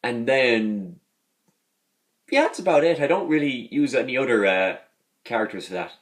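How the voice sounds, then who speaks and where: A man talks through a casual review in a loose, enthusiastic ramble. His voice sits at a middle pitch and rises and falls freely. He fills his sentences with fillers. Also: expressive, moderate pace. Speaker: video host.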